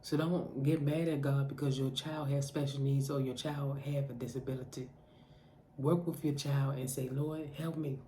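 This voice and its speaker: A woman's voice: extremely low pitch, flat delivery, moderate pace, dark tone, slight background noise. A woman mother giving a spoken faith message of encouragement to parents, urging them directly with repeated calls to pray and not give up. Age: adult mother. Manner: preaching directly to the listener, repetitive urging. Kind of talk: impassioned spoken exhortation.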